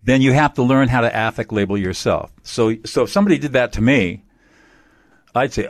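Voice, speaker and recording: A man's voice: mid-range voice, brisk, dry recording. A man being interviewed as a mediator, explaining ideas emphatically and repeating key phrases. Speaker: attorney and mediator guest. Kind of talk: interview answers.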